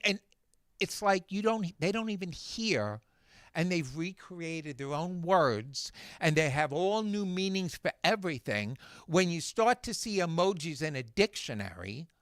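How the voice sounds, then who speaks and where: Brief: middle-aged host, sarcastic rant, animated swings in pitch, dry close sound. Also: male voice, no room sound. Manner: ranting, sarcastic, mimicking others. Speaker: podcast host. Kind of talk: casual chat.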